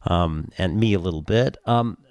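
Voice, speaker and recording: Male radio host, very low voice, dry studio sound, jokey and conversational. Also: normal speed, darkish tone, smooth, no echo. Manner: conversational, playful wordplay. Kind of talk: radio talk show hosting.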